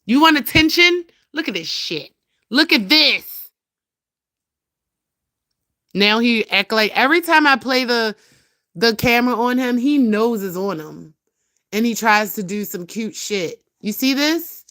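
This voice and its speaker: A woman's voice: on the high side, expressive, moderate pace, a bit bright, dry recording, studio quality. A young woman, ranting casually on a phone livestream and scolding her cat. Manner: blunt, profane, talks to her cat and viewers.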